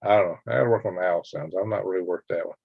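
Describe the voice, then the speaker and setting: Gravelly and low, this livestream host from Alabama fires off his words quickly while chatting with viewers, telling meandering stories with sound effects and chuckles. The lo-fi home stream audio is dry and dull, with no room sound.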